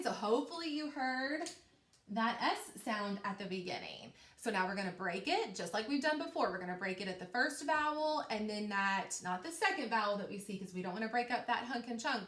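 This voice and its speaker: A woman teacher giving a patient, encouraging phonics lesson to young children, speaking clearly and slowly. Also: mid-range voice, animated, a bit bright. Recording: echoey room.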